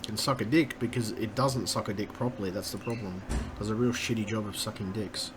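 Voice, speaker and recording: A male gaming streamer rants on a live stream in a fairly low, steady voice, talking a little fast. He curses nonstop and mutters in exasperation, with noisy room ambience in the background.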